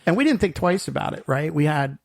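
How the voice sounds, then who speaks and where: A middle-aged man co-hosts a podcast, rambling through stories in casual chat, laughing often and acting out quotes. His voice is a little high and gravelly, very animated, and a little fast.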